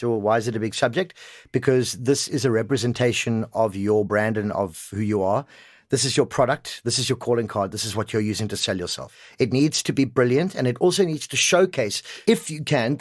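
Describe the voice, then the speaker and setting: A man's voice: mid-range voice, no echo, clean studio sound. A middle-aged man, a voice coach talking emphatically in a podcast conversation. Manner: animated, emphatic, quick to act out examples. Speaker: voice artist and coach.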